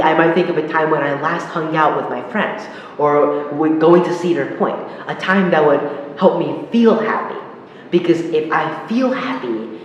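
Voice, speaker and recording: Man teaching in a very echoey hall. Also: fairly high pitch. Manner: explanatory, demonstrates intonation with examples. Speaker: public speaking instructor. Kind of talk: instructional talk to camera. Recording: very echoey hall, faint noise.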